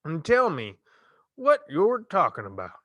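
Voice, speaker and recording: A man voicing a drunk, leering small-town sheriff who talks in a slow drawl, in an audiobook reading. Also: a little high, very animated, pushed and bright, no echo, studio quality, voice pushed up, full character voice. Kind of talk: audiobook character voice.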